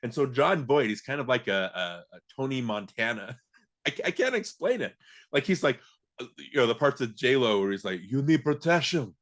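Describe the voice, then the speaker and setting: A man's voice: medium pitch, normal speed. Chatty male podcast host. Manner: animated, laughs often, acts out movie lines. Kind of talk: casual podcast chat.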